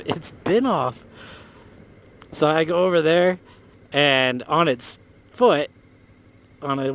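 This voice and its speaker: A man's voice: on the high side, a little hiss or hum. Profane man telling ghost stories on a ride. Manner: loose, profane, animated storytelling. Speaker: motovlogger. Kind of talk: casual storytelling while riding. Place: outdoors on a motorcycle on city roads.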